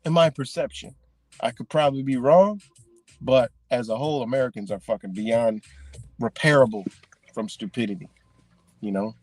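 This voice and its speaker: A man's voice: medium pitch, normal speed, long pauses, a little mellow, no echo. Profane ranting man, dry close sound. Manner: heated, profane, repeats himself. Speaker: vlogger.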